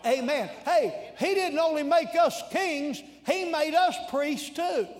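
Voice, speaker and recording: A man with a very high voice preaches a sermon, retelling stories in a folksy, animated manner that jumps into loud shouts. His voice rings with a long reverb, as in a large church hall. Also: slow pace.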